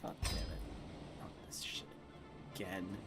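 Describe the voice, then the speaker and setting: A man's voice: measured pace, over music, rough recording. A man casually commenting on his strategy game, muttering the text on screen half to himself and breaking into baffled outbursts. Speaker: gameplay streamer. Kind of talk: casual let's-play commentary.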